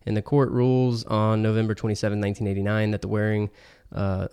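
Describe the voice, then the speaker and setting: A man's voice: fairly low pitch, level tone, fast, dark tone, smooth. A man co-hosting a podcast in casual chat, explaining things thoughtfully with many ums and uhs. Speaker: podcast co-host.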